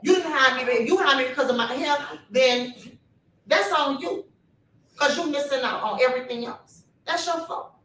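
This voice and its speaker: A woman's voice: high voice, normal speed, a bit bright, a little hiss or hum. A woman speaking on a panel with fire and a preacher-like cadence, talking straight to her audience. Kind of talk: impassioned panel talk. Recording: echoey room from a distance.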